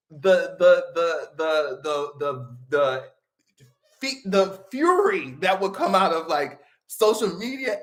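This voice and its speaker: Profane, animated live-stream commentator. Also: mid-range voice. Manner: profane, animated, laughs often.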